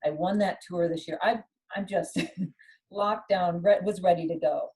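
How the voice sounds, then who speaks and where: A middle-aged woman, a former athlete, telling her story in an interview with lively storytelling and acted-out dialogue. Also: lowish voice, unhurried, poor audio. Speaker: guest, former Olympic skier. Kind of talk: conversational interview.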